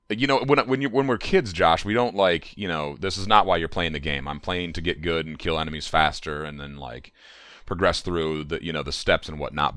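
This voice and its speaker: A man's voice: deep voice, fairly bright tone, no echo, studio quality. A man co-hosting a casual gaming podcast, rambling enthusiastically with lots of "uh" and "like". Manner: rambling, many fillers, enthusiastic. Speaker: podcast co-host. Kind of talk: casual chat.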